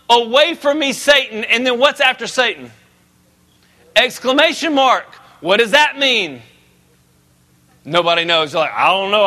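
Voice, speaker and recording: A man preaching a sermon as a pastor, conversational and joking, rising to animated emphasis. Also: high-pitched.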